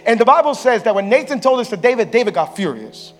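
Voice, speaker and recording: A pastor preaching a sermon on a church stage, telling a story playfully and acting out the people in it. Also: male voice, extremely high pitch, quick pace, hardly any pauses, faint music behind. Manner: lively, playful storyteller who acts out quotes.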